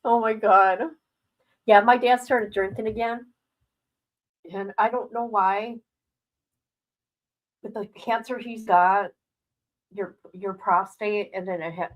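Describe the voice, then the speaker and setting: A middle-aged woman chats frankly to her viewers on a casual livestream. She is blunt, holds nothing back and laughs often between remarks. Her voice sits at a moderate pitch for a woman. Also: low-quality recording. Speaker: livestream host.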